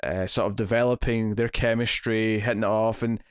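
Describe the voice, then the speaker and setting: A man's voice: fairly low pitch, steady tone, normal speed, smooth, dry recording, clean studio sound. A man hosting a casual movie review podcast, rambling and correcting himself as he talks, often breaking into a laugh. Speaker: podcast host.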